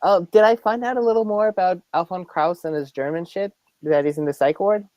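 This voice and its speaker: A man's voice: sits high, a little fast, darkish tone. A man playing at a tabletop game, speaking in short plain turns. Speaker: player. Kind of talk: casual chat at a game table.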